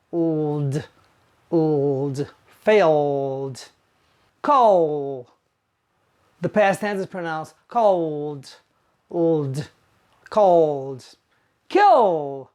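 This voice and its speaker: Slow, deliberate woman teaching pronunciation. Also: fairly low pitch. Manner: slow and deliberate, drawn-out example sounds. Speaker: English teacher.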